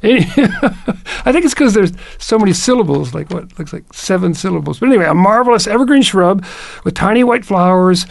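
Folksy gravelly-voiced man, dry close sound. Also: high-pitched, animated, dry recording. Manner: playful, folksy and wandering, with drawn-out words. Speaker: host. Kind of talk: folksy storytelling.

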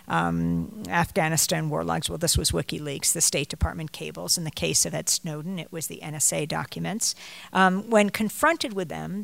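A woman's voice: on the low side, creaky, no room sound. An older woman, a journalist on a book tour, speaking to an audience at a bookstore, wandering into chatty stories and asides. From United States. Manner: digressive storytelling, chatty asides. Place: bookstore event.

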